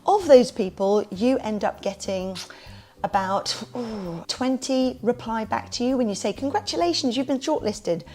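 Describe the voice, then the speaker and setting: A woman who runs a kids party business, telling stories as a podcast guest in a lively way and acting out the voices she quotes. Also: a little high, a little slow. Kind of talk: casual interview storytelling.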